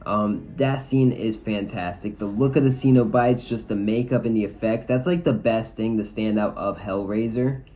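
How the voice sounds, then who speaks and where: A man's voice: lowish voice, fairly even intonation, moderate pace, hardly any pauses, warm tone. A man giving a casual video review of a film, talking loosely and frankly with lots of "like" and some swearing. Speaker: movie reviewer.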